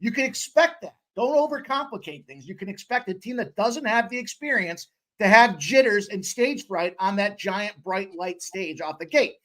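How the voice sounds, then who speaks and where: High-voiced, fired-up sports talk guy. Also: normal speed, hardly any pauses. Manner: animated, profane, argues his picks hard. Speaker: sports talk show co-host. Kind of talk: casual sports betting chat.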